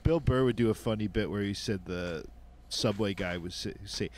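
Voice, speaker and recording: A man's voice: on the low side, moderate pace, a little mellow, a little hiss or hum. A man with a Delaware County accent co-hosting a casual podcast chat, rambling with lots of fillers. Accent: Delaware County Pennsylvania. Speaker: podcast co-host.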